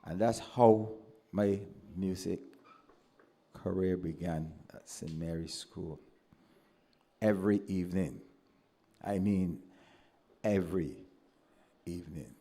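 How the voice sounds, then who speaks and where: Deep-voiced Barbadian man telling stories. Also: slow, long pauses. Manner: animated storyteller who acts out quoted voices. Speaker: former pupil giving a ceremony speech. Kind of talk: anecdotal public speech.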